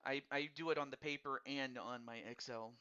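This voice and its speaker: A man's voice: mid-range voice, steady tone, moderate pace, pushed and bright, clean tone, highs cut off. A man hosting a casual live-streamed hockey draft, rambling and repeating words in a friendly, upbeat way.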